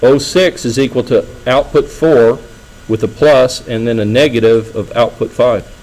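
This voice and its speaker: A man's voice: medium pitch, steady tone, moderate pace, a little mellow, rough recording. A middle-aged man giving a classroom lecture, talking casually and checking in with the students often. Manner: conversational, asks students frequent checking questions. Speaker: engineering lecturer.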